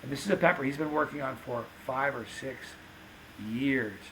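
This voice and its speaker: A man telling stories on a podcast, animated and acting out the dialogue of the people in them. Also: medium pitch, moderate pace, slight background noise, poor audio. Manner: animated anecdote-teller, acts out quoted dialogue. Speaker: podcast guest, pepper show host. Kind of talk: casual storytelling.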